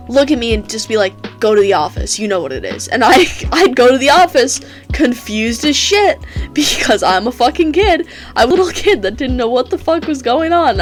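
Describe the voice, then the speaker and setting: A teenage girl telling rambling, profane stories in a casual chat while she plays a game, laughing often. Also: high-pitched. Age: teens. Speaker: gaming streamer. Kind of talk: casual storytelling while gaming.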